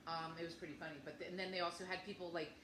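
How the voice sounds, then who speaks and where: A podcast co-host in her fifties chats casually in a lowish, fairly flat voice, speaking rapid-fire. She rambles through stories, acting out both sides of every conversation, in an echoey room with faint noise.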